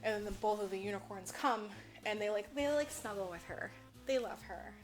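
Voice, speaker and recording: A woman's voice: mid-range voice, fairly quick, faint music behind. Casual rambling woman recapping a film. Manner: rambling, full of "like" and swearing. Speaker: podcast co-host.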